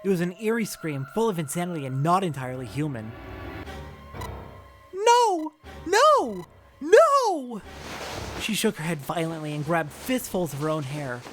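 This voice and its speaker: A let's play narrator reading a visual novel aloud with expressive commentary and reactions. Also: medium pitch, fast talker, hardly any pauses, soft background music. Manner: expressive, reacts with swearing and sympathy.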